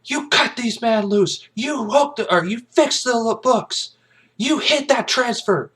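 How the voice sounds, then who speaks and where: A man's voice: extremely high pitch, lively intonation, unhurried, fairly bright tone, voice pushed up, full character voice. A man playing a brash young military lawyer who presses hard with accusations. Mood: accusing.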